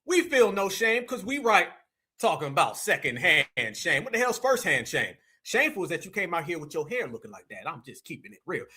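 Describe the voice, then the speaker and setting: A man hosting a casual livestream, talking in an animated, slangy and mocking way. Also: high-pitched, a little fast, breathy edge. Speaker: livestream host.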